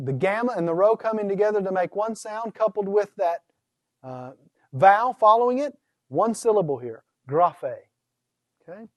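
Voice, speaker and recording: A man teaching Greek pronunciation in a recorded lecture, methodically laying out rules and slowly sounding words out syllable by syllable. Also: sits high, no echo, studio quality. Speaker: Greek instructor.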